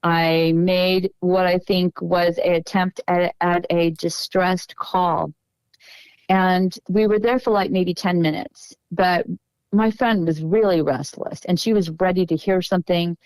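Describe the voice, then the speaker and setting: Middle-aged woman, low and clear voice, casual rambling storyteller, dry close sound. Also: steady tone, unhurried, a little mellow, dry recording, low-quality recording. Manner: meandering, self-correcting storyteller. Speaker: podcast guest.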